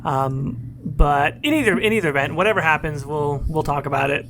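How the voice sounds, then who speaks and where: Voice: mid-range voice, expressive, fairly quick, gravelly, noisy background. A podcast co-host talking through ideas thoughtfully in a casual chat. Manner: thoughtful, reflective.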